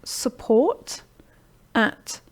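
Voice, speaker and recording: A middle-aged woman hosting a live online course session, pitching her program with encouragement and often checking in with "okay?". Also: extremely slow. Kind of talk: live-streamed sales pitch and Q&A.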